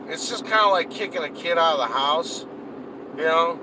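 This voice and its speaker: A man's voice: on the high side, normal speed, noisy background. A man delivering a heated, profanity-laced rant, cursing and repeating himself as he vents. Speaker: political vlogger.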